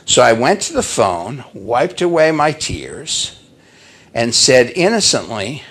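Brief: older man, preacher, slow emotive storytelling, husky. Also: mid-range voice, sing-song, a bit bright. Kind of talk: sermon storytelling.

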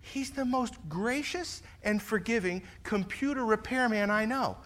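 A middle-aged man, a pastor who is also a fire lieutenant, preaching a sermon full of personal stories and acting out what people said, swinging from loud to soft. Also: high-pitched, measured pace.

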